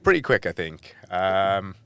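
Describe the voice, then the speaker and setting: A Welsh man in his thirties from Cardiff, a podcast guest telling his story in a relaxed, friendly way. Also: deep voice, unhurried, clear, resonant tone. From Cardiff, Wales. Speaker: guest, personal trainer. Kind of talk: casual podcast interview. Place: small studio.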